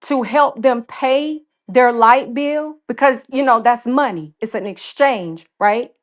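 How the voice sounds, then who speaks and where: A woman's voice: a little high, slow. A woman from Georgia with a Southern accent, talking earnestly as a caller on a live stream. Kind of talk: casual opinion talk.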